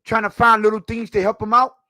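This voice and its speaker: A man's voice: high voice, flat delivery, quick pace, sharp tone, no room sound. A man hosting a heated sports talk show, preachy and emphatic, firing off rhetorical questions.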